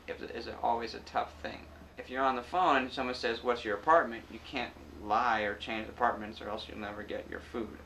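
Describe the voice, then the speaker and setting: A man in his thirties, an actor, gives personal interview testimony in a mid-range voice with a sharp tone. He tells his own story candidly and reflectively, with stutter blocks and repeated sounds, over slight background noise.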